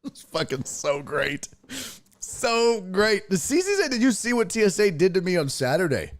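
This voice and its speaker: A man hosting a sports podcast, chatting casually, excitable and profane, often laughing and imitating voices. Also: high voice, fairly quick.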